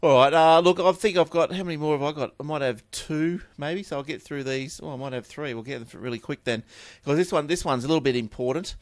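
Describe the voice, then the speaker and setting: An Australian man hosts a tech podcast, reading news stories in a chatty way with offhand asides. His voice is on the high side and fast, with hardly any pauses, and the recording is dry and close.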